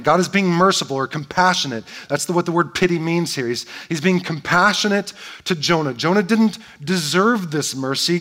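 A man preaching in a relaxed, conversational manner, his voice sitting a little high for a man. He mixes playful jokes into his teaching and keeps asking his listeners "right?". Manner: playful, joking asides. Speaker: pastor. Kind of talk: sermon.

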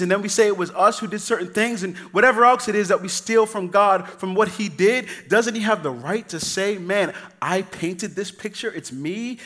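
A man preaching a sermon, telling family stories with acted voices and shifting between loud emphasis and quiet, casual delivery. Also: high voice. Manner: animated storytelling, acting out voices of his kids; casual, addresses the congregation as y'all. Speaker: pastor.

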